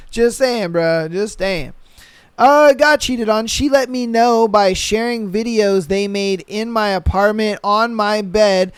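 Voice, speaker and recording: Reacting to listener stories read aloud, a male podcast host responds with blunt, profane disbelief, speaking slowly and deliberately. His middling-pitched voice is captured close on a podcast mic in a dry, dead room, giving a clean tone with no room sound.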